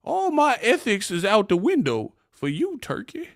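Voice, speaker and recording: A man's voice: high voice, measured pace, no echo, studio quality. A man hosting a casual boxing commentary rant, mocking and laughing as he talks. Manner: animated, mocking, laughs often.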